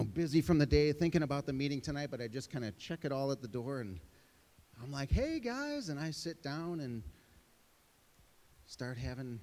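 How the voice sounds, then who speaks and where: A man's voice: mid-range voice, darkish tone. Middle-aged male pastor, echoing hall. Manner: storytelling, self-deprecating asides. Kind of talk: sermon.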